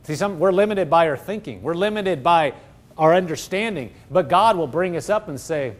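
A man preaching a sermon, swinging from loud, excited exclaiming to low, hushed tones. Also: a little fast.

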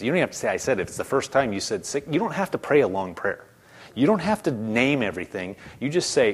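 A man's voice: big pitch swings, quick pace, slightly rough. Conversational male preacher. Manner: conversational preaching, repeats words, acts out quotes in a high voice. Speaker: pastor. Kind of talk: sermon.

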